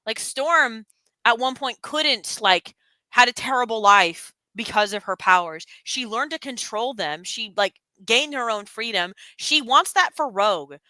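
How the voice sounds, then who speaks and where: Chatty bright-voiced young woman. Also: fairly high pitch, unhurried, dry recording. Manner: animated, rambling with many fillers and restarts. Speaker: stream co-host. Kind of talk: casual chat.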